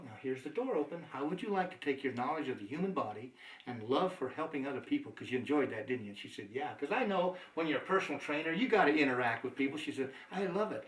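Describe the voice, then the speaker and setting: A man's voice: medium pitch, reverberant, distant mic, rough recording. A man giving a sales training talk, telling stories, acting out the dialogue and chuckling often. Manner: chuckling, anecdotal, animated.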